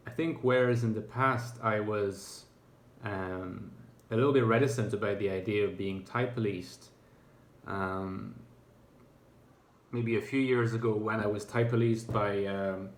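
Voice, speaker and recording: A man talking to camera in a reflective, casual monologue, thoughtful and hesitant, with many fillers and restarts. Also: on the low side. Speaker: YouTuber. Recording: echoey room.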